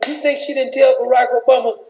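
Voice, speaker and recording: Gravelly, animated gossipy storyteller. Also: high voice, quick pace, lo-fi sound. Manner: animated, mocking, slangy.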